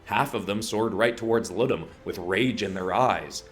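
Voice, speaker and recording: Low-voiced male story narrator. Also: normal speed, faint music behind. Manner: steady, dramatic.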